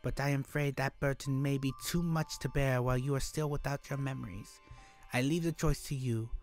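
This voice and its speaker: Casting: man doing a formal old woman elder, slow and stilted, higher than his own voice. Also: steady tone, soft background music, lightly acted. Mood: solemn.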